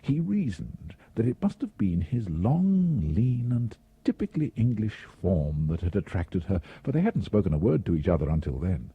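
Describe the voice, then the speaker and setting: A man's voice: lowish voice, sing-song, normal speed, few pauses, breathy edge, no echo. A man reading a travel story aloud in a wry manner, with frequent small restarts, on a dull lo-fi recording.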